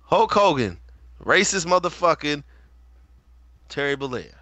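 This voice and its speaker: A man's voice: on the high side, lively intonation, a little slow, sharp tone, no room sound, lo-fi sound. A man co-hosting a podcast, ranting in heated, profane bursts mixed with laughter. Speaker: podcast co-host. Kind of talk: casual chat.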